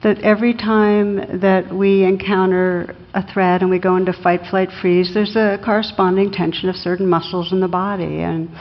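A woman's voice: mid-range voice, level tone, normal speed, few pauses. A woman meditation teacher giving a class talk, reflective, with light humor and small hesitations. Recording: lo-fi recording in a reverberant hall.

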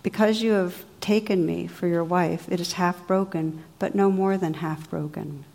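A grave, gentle enchanted lady with a slow and sweet delivery, as a woman reads her aloud. She speaks in measured, formal phrases in a slightly low voice, in a storybook reading. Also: steady tone, gravelly.

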